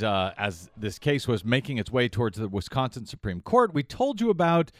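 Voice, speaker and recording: A man's voice: medium pitch, dry recording, clean studio sound. A man hosting a political talk radio show, emphatic and indignant, often repeating his phrases.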